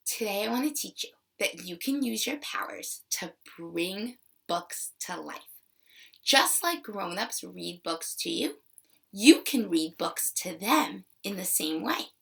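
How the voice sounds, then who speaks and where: A woman teacher giving a slow, expressive, encouraging video reading lesson to young children. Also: fairly low pitch, gravelly, far from the mic.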